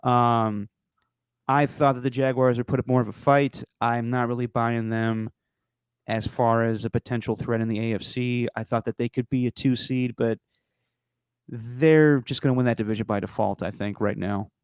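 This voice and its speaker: A man's voice: medium pitch, fairly even intonation, moderate pace, clean tone, no echo. A man hosting a podcast, talking sports in a casual, frank and opinionated way, swearing now and then, on a close podcast mic. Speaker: podcast host.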